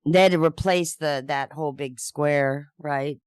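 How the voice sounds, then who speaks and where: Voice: mid-range voice, steady tone, a little slow, clean tone, dry recording, studio quality. A co-host bringing up odd news stories in casual chat, with wry humor. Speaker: podcast co-host.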